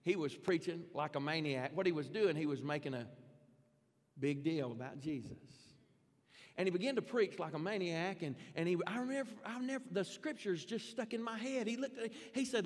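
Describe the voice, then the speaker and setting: A man telling his conversion story as a sermon testimony, animated, his voice jumping up in pitch at the dramatic parts. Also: fairly quick. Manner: animated storytelling, pitch leaping up when excited. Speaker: preacher giving testimony. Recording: long hall reverb.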